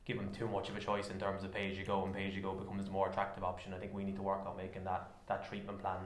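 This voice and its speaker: A man on a physio clinic staff speaking up in a team meeting, measured and a little hesitant. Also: sits low, completely flat delivery, slight background noise. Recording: echoey room, mic far off.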